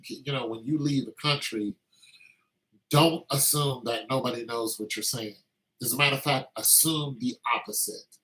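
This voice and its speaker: A man's voice: medium pitch, pushed and bright, rough recording. A man talking in a casual, meandering monologue, telling anecdotes with lots of fillers.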